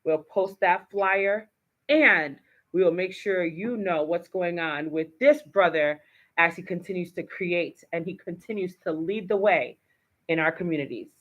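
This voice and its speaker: Effusive talk show hostess. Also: female voice, on the low side, unhurried. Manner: effusive, enthusiastic, affirming. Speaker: host. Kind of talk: live online talk show. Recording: dull lo-fi live stream audio.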